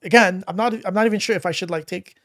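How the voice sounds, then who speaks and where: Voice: medium pitch, fast, a bit bright. A podcast host chatting casually, rambling through a personal story with lots of fillers and restarts. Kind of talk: casual interview chat.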